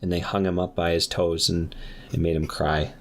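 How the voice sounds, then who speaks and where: Deep-voiced man rambling a silly tale. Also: normal speed. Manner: rambling, deadpan, giggly asides. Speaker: storyteller host. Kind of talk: improvised comedic storytelling.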